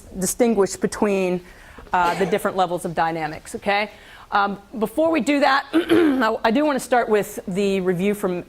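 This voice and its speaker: A woman teaching a school band class, giving brisk directions with frequent fillers. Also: medium pitch. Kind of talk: classroom instruction.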